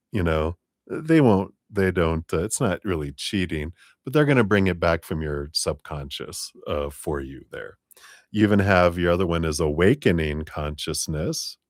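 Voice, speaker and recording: A man with a low, deep voice reads tarot on a live stream, talking gently and taking his time over each card. His voice is close to the mic and sounds dry, with no room around it. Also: no room sound. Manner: gentle, unhurried spiritual guidance. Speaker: tarot reader.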